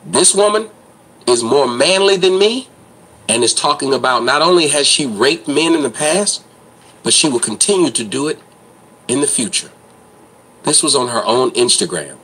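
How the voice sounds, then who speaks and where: A man's voice: medium pitch, expressive, moderate pace, a bit bright, a little hiss or hum, rough recording. A man hosting an online commentary show, ranting in a blunt, crude, mocking way.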